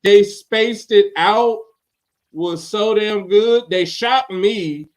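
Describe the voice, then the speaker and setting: A man hosting a casual wrestling podcast, animated and laughing, slipping into voices as he retells stories. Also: sits high, extremely slow. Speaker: podcast host.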